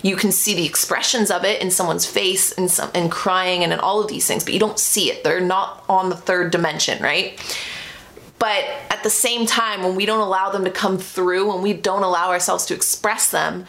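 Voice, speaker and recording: A woman's voice: lowish voice, steady tone, normal speed, fairly bright tone. A young woman hosting a solo life-advice podcast, talking in a chatty, earnest way with many fillers. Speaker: podcast host.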